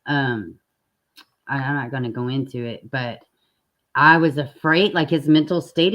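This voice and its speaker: Low-voiced woman streaming true crime, blunt and chatty with her viewers, cusses some. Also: a little slow, pauses often, fairly bright tone. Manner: chatty, blunt, swears, talks straight to viewers. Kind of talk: casual live-stream commentary.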